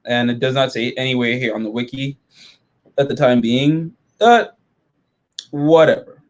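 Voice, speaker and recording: A man with a mid-range voice hosts a casual review chat at a measured pace. He's animated and rambling, swearing freely as he works through an episode.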